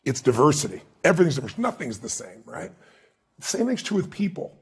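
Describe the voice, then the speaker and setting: Male guest speaker, fairly high pitch, gravelly rasp, animated interview storyteller. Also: fairly quick. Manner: animated, emphatic storyteller who acts out quoted dialogue. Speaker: guest author and motivational speaker.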